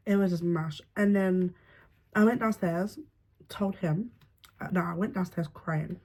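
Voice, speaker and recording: A woman's voice: fairly low pitch, steady tone, unhurried, a little mellow, breathy edge. A young woman, candidly telling a personal story to camera in casual slang, swearing freely. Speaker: vlogger.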